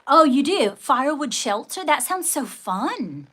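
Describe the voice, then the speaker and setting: A woman's voice: high voice, very animated, measured pace, fairly bright tone. A woman hosting a casual livestream, chatting with viewers and thanking them, often calling them darling. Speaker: livestream host.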